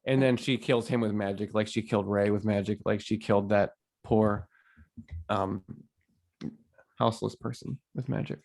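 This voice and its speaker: A man's voice: on the low side, steady tone, normal speed, gravelly, long pauses, darkish tone. A man co-hosting a podcast, retelling a film plot in casual, rambling chat full of fillers. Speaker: podcast co-host. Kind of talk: casual movie recap chat.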